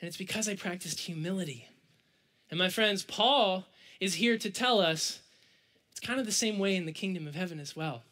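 A young man giving a sermon, telling a personal story with big swings from excited shouts to hushed, quiet asides. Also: high voice, moderate pace.

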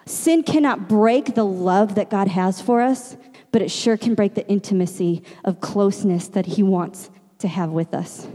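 A woman's voice: medium pitch, measured pace, mellow. A woman in her thirties preaching a conversational sermon, telling personal stories and asking rhetorical questions. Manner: earnest, storytelling, rhetorical questions. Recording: reverberant hall.

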